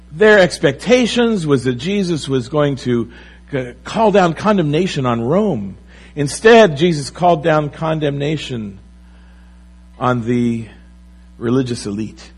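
A man preaching a sermon, with animated, rising and falling emphasis. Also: on the high side, slightly rough, poor audio. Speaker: pastor.

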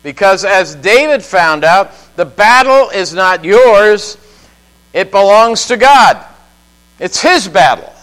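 Male pastor, high voice, slow emphatic sermon delivery with dramatic pauses. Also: lively intonation, fairly bright tone, rough recording.

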